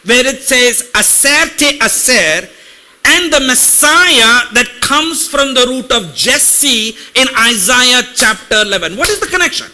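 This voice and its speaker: A man preaches to his congregation in a very high, strikingly bright voice. He keeps asking the people in front of him questions and slows right down to sound out Hebrew words. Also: animated, slight background noise. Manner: talks directly to congregation with questions; reads Hebrew words slowly. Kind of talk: sermon teaching.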